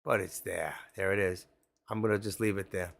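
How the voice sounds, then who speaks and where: A man giving excitable, frantic live commentary on his options trades, talking straight to viewers. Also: sits low, normal speed, gravelly. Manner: excitable, frantic, swears mildly, talks to viewers as folks.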